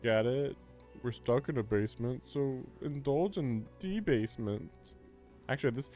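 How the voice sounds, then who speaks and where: A man streaming a visual novel, reading its text aloud and breaking off into wry, chatty commentary. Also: lowish voice.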